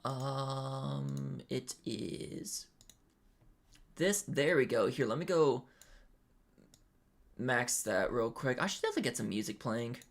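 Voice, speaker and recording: A man's voice: mid-range voice, big pitch swings, normal speed, pauses often. A young man, chatting casually to a live stream audience in a hesitant, filler-heavy way with nervous laughter.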